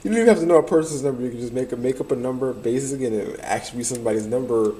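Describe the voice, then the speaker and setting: A man's voice: mid-range voice, rapid-fire, mellow. A young man, chatting casually to camera in a rambling, nostalgic way and laughing often. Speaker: vlogger.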